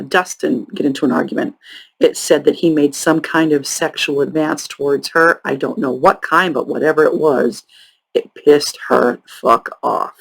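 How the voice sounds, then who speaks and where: A woman hosting a true crime show, telling the case in a casual, halting way with frequent sarcastic and profane asides. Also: deep voice, vocal fry, rough recording. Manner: halting, many ums and restarts. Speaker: true crime podcast host.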